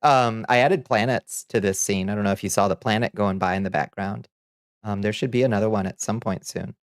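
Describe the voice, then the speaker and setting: Laid-back low-voiced male streamer. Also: brisk, clear, resonant tone, no room sound, clean studio sound. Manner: laid-back, chuckles often, greets chat by name. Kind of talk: casual livestream chat.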